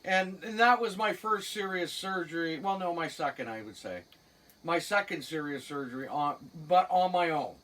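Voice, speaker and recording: A woman's voice: on the low side, moderate pace, fairly bright tone. A middle-aged Cape Breton woman spins a personal yarn in blunt, salty everyday talk, chuckling as she goes. Her voice sits a little back from the microphone, so it sounds slightly distant. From Cape Breton, Canada. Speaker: storyteller guest. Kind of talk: casual spoken anecdote.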